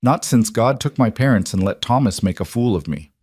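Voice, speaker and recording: A man reading the lines of a stubborn, bitter young ranch woman in a curt, flat way. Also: medium pitch, brisk, husky, dry recording, studio quality.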